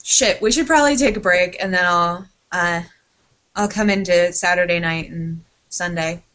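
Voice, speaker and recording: A woman's voice: fairly low pitch, normal speed, a bit bright. A woman in casual podcast chat, telling a rambling, sidetracked story with casual swearing and a lot of apologizing.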